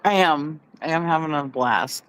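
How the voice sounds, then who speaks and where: A woman talking as a guest on a livestream panel, chatty and quick to giggle. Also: low voice, fairly bright tone, poor audio. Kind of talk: casual livestream chat.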